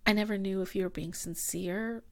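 A woman's voice: mid-range voice, fairly even intonation, brisk, a little mellow, close to an everyday voice. A young woman playing a bitter ex-girlfriend in an audio role-play, confronting the listener bluntly and swearing freely.

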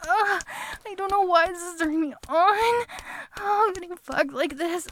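A woman performing an adult audio role-play, breathy and pleading, with moaning between her lines. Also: very high voice, normal speed, fairly bright tone, a little hiss or hum.

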